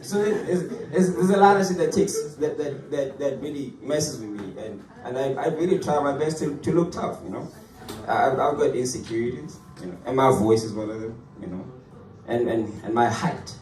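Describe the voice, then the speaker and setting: A man's voice: medium pitch, normal speed, a little mellow. A young man from Africa doing stand-up with a put-on British accent, chatty and self-deprecating, often restarting his sentences. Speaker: stand-up comedian. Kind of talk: stand-up comedy set. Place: comedy club stage. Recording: echoey room, far mic, crowd noise.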